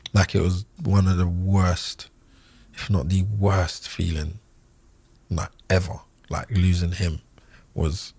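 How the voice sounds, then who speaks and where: A man in his thirties, a podcast guest, recalling a loss in a halting way with many fillers and restarts. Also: low-pitched, darkish tone, breathy edge, no echo. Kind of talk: emotional interview recollection.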